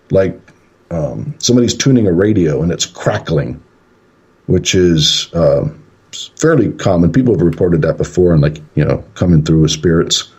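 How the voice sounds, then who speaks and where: A paranormal investigator appears as a guest on a radio show, his low, dark voice slightly rough. He rambles through a casual story and acts out the quotes. The call sounds dull and lo-fi.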